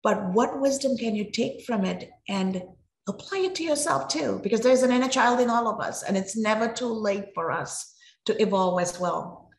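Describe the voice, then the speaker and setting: A woman's voice: fairly high pitch, expressive, moderate pace, vocal fry, echoey room, rough recording. A woman hosting a podcast, introducing her guest with effusive enthusiasm. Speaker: podcast host. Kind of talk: interview introduction.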